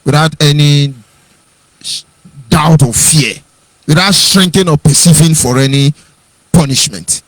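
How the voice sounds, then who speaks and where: A man's voice: fairly high pitch, unhurried, pauses often, no echo. A Nigerian man giving an impassioned political monologue, rhetorical and mocking in tone. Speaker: political commentator.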